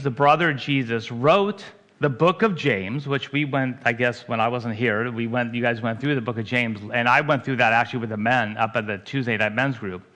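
A male pastor preaching to his congregation in an easygoing, conversational way, often putting questions to them. His voice is bright and forceful, and his pitch sits in an ordinary middle range. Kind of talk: sermon.

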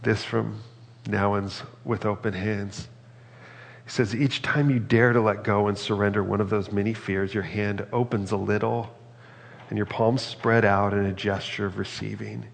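Man, pastor, earnest sermon, low gravelly voice, long hall reverb. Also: level tone, normal speed. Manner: earnest, reflective, reads scripture aloud.

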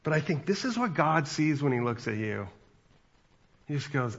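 A man's voice: fairly high pitch, big pitch swings, normal speed, creaky, pauses often, fairly bright tone, lo-fi sound. A man in his forties, a pastor, giving a chatty sermon with asides to the congregation.

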